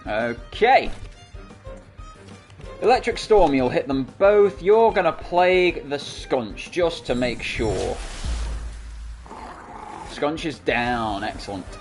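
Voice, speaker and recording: An Australian man with a Sydney accent commentating a video game, excitable and shouting at the battles. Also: on the high side, slow pace, long pauses, over music. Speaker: gaming channel host. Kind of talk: let's play commentary.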